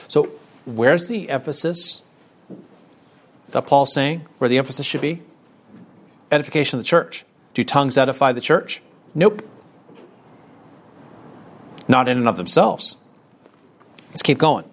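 A man's voice: medium pitch, animated, normal speed, long pauses. A man giving a conversational sermon as a Bible teacher, asking rhetorical questions and reading scripture aloud.

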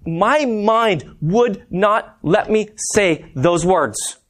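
A man's voice: high-pitched, animated, drawn-out words. A man preaching a conversational sermon, telling stories and calling the congregation "guys". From Montana. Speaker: preacher and math teacher.

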